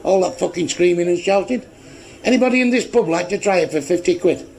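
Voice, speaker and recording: A man's voice: high-pitched, fast talker, gravelly, darkish tone. A man doing stand-up comedy, telling bawdy, profane jokes and acting out the characters' voices. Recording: noisy archive recording.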